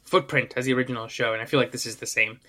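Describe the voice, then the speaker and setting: A man's voice: mid-range voice, steady tone, very fast, bright, forceful tone. A man co-hosting a podcast in casual chat, rambling with many fillers and restarts. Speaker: podcast co-host.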